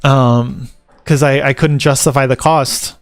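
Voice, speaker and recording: A man from the American South rambles easily and jokes his way through reading points from an article. His voice is smooth and clear, recorded close and dry. Soft music plays faintly behind him. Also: medium pitch, steady tone, a little slow, no echo. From Southern United States. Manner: rambling and joking, reads article points aloud and riffs on them. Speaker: vlogger and tattoo apprentice. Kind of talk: casual chat to camera.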